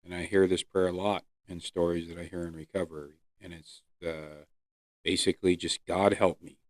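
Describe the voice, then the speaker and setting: A man hosting his own podcast, earnestly telling his personal recovery story with pauses and fillers. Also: sits low, level tone, dry recording, clean studio sound. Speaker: podcast host. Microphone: close podcast mic.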